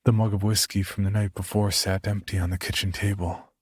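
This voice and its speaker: A man reading a scripted horror story as narrator, in a measured, grave manner. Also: on the low side, little pitch movement, husky, no echo.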